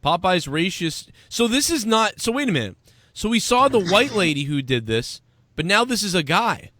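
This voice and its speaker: Loud, excitable man with a bright, lively voice. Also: high voice, moderate pace, dry recording. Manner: loud, swearing, laughs hard and mimics people. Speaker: podcast co-host. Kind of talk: casual chat reacting to a video.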